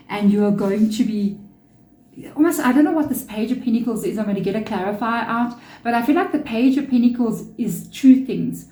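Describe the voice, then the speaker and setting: A woman's voice: mid-range voice, mellow, roomy sound, low-quality recording. A woman giving a chatty, earnest tarot reading to her viewers, with spiritual asides. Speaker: tarot reader.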